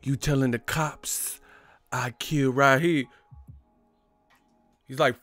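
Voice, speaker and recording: A man hosting a casual live stream, rambling and swearing, laughing often and acting out movie lines in loud, high voices. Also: fairly even intonation, slow, pauses often, dry recording, faint music behind.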